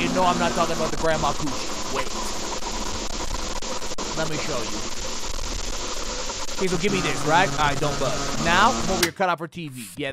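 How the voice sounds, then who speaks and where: A young man giving profane, slangy commentary on a horror game, yelling and cursing at jump scares. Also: a little high. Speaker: gaming YouTuber. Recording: faint background noise.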